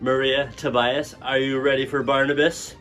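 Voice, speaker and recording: A man plays a smug game show host with a showman's patter. He mocks his contestants in an even, mid-pitched voice. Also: normal speed, soft background music, natural voice. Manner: showman announcer, mocking.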